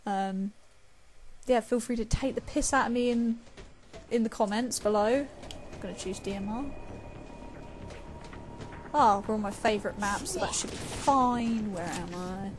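A woman's voice: medium pitch, measured pace, long pauses, background noise. A young woman, chatting casually and raging while she plays a shooter game. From England. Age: young adult. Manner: chatty, swears and rages at the game. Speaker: gamer. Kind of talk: casual gameplay commentary.

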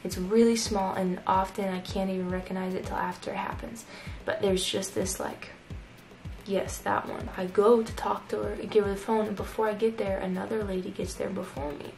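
A young woman tells a story to her camera in a chatty vlog, her voice level and even with a touch of vocal fry. She keeps dropping in "like" as she talks. Faint music plays behind her. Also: mid-range voice, brisk, few pauses, poor audio. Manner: chatty, lots of "like" fillers. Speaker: YouTuber.

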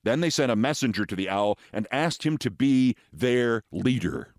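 A theatrical man in his sixties reads fables aloud, letting his pitch rise and fall widely. His delivery is expressive and deliberate. The sound is close and dry with no room echo. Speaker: host.

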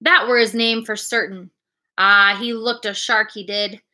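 A woman voicing a jovial, strong, one-legged pirate innkeeper, a tall man, with hearty, booming old sailor talk. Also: steady tone, a little slow, pushed and bright.

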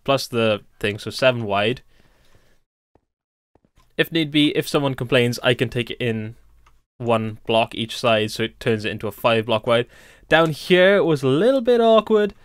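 A young let's play host chats loosely and mutters to himself while building, in casual gameplay commentary. The voice is mid-range, smooth and a little slow, with clean studio sound and no room sound.

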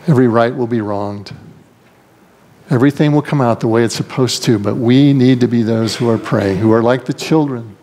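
A male pastor preaching a sermon in a lively storytelling manner, acting out characters with big swings in pitch. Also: normal speed.

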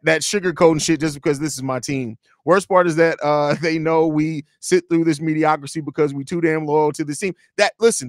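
A man hosting a live fan stream, talking in blunt, profane, animated banter and reading chat comments aloud. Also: fairly high pitch, no room sound, clean studio sound. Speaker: host of a Bulls fan show.

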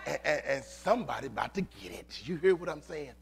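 A man's voice: a little high, animated, fairly quick, vocal fry. A man, preaching a sermon as pastor in an emphatic call-and-response style. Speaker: lead pastor.

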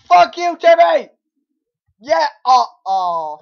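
A young man rages through his gameplay commentary, swearing and shouting at the screen. His voice sits high and leaps all over the place, but he drags his words out slowly. The recording is dull and lo-fi. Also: animated. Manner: raging, swearing, yelling at the game. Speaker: gamer.

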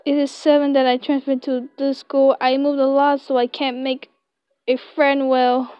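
A young woman reading a web story aloud in slow, halting English, recorded on a close, dry home mic. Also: high-pitched, flat delivery, no echo, lo-fi sound. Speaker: story reader.

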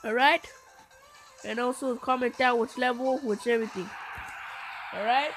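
A woman giving live commentary on her own gameplay, excitable and full of playful trash talk and sudden shouts. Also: on the high side, moderate pace, poor audio. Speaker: gameplay video host. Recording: game music playing behind. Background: game music.

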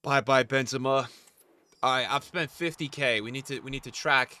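A tired man live-streaming a game, swearing and venting at his chat, from mutters to yells. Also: mid-range voice, normal speed. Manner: swears and vents at chat, swinging from mumbling to yelling.

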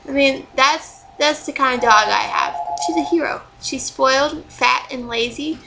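A woman's voice: sits high, unhurried, creaky, hardly any pauses, pushed and bright, slight background noise, low-quality recording. Exasperated young woman ranting on her vlog. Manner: exasperated, rambling, swears freely. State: still angry, bruised. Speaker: vlogger. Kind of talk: casual vlog rant.

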